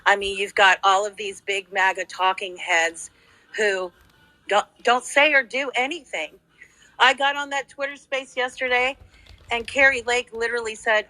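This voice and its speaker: Furious, bright-voiced woman host. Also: on the high side, steady tone, moderate pace, no room sound, low-quality recording. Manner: angry, swearing, emphatic repetition. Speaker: host of a call-in space. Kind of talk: heated political talk.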